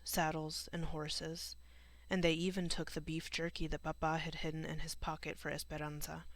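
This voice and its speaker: A woman narrating an audiobook in a measured, sombre storytelling manner. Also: low voice, fairly bright tone, no echo. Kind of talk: scripted narration.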